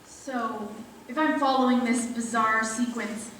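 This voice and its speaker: A woman acts out a swooning romantic who teases in a fairly high voice. She is heard from far away in a very echoey hall. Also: steady tone, unhurried, a bit bright, slight background noise. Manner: swooning, teasing. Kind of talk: amateur stage musical acting.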